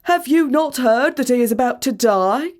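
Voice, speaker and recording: A woman's voice: sits high, animated, moderate pace, a little mellow, pitched above the performer's own voice. A woman voicing a pack of mourning farm dogs who scold the cockerel with reproachful questions. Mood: indignant.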